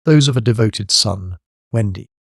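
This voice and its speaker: A man's voice: on the low side, normal speed, no echo, studio quality. A man reading the part of a carefree boy who turns frank and a little anxious, in an audiobook. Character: boyish lad, carefree, puzzled and anxious.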